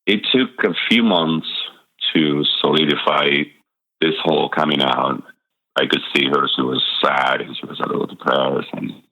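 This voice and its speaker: A man's voice: extremely low pitch, creaky, bright, forceful tone. A middle-aged man from Spain with a Spanish accent, telling candid personal stories as a guest, full of fillers and small laughs. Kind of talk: personal storytelling. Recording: dull lo-fi sound.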